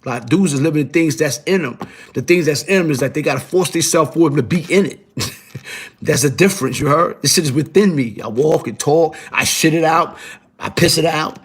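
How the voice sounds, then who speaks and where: Brief: middle-aged New man, slightly high voice, loose profane streetwise rambling, keeps asking "you heard?". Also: normal speed, husky. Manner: profane and emphatic. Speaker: guest on a live show. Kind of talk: casual live-stream talk.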